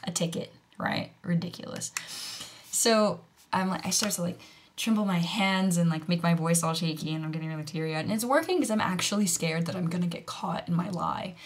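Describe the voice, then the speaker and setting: A woman's voice: fairly low pitch, brisk, a little hiss or hum. An American woman telling a story in a chatty, casual way, full of fillers and with whispered asides. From United States. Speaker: vlogger.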